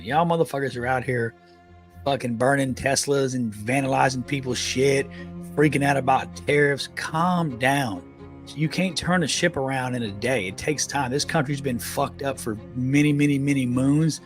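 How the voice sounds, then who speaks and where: A man's voice: medium pitch, normal speed. Man, blunt profane rant, comedic podcast co-host, faint music underneath. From United States.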